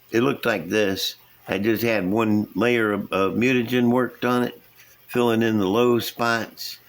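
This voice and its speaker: A medium-pitched male voice comes through with a little hiss or hum. This middle-aged channel host, a scale model builder, casually presents his builds at an indoor workbench, rambling folksily and chuckling at himself.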